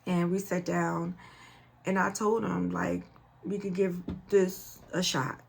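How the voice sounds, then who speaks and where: Middle-aged woman, gravelly voice, casual storyteller who repeats herself and acts out dialogue. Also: fairly low pitch, little pitch movement, slow pace. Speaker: vlogger.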